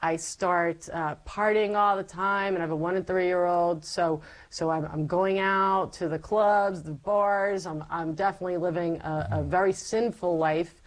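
A woman's voice: on the low side, unhurried, hardly any pauses, poor audio. A woman giving a personal faith testimony as an interview guest, telling her story animatedly and acting out past conversations. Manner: animated storyteller who acts out past dialogue.

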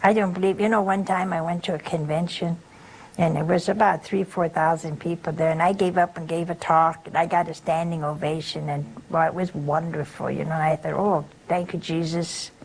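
Husky older woman telling faith stories. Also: low-pitched, fairly quick, low-quality recording. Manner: folksy, animated storytelling with rhetorical questions. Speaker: religious speaker. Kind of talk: spiritual talk with anecdotes.

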